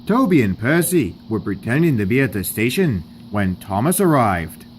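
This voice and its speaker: A man narrating a homemade toy-train story, plain and wry with deadpan asides. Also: medium pitch, moderate pace, slight background noise.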